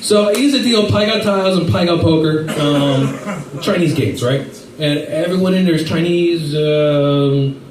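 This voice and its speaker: A man doing a stand-up set, telling rambling stories in an animated way with silly voices. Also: fairly high pitch. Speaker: stand-up comedian. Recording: echoey room from far off with faint noise.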